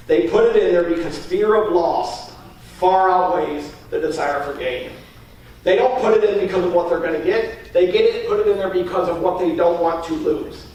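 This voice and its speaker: A man who talks fast while teaching a sales class, acting out his pitch to clients and often checking in with "all right?". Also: darkish tone. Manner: fast-talking, keeps asking "all right?". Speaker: sales trainer. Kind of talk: training talk with role-played sales pitch. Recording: very echoey room from far off, faint noise.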